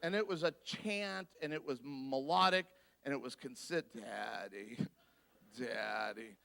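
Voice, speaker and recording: In a church, a guest speaker preaches a sermon, animatedly telling his story and acting out each voice in it. His high, bright voice carries a gravelly, creaky edge, and he speaks slowly and deliberately.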